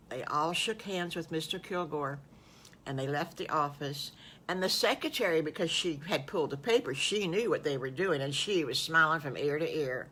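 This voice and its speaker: Folksy grandma telling a children's story. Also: female voice, lowish voice, slight background noise. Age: older. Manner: animated, folksy exclamations. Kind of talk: improvised bedtime storytelling to children.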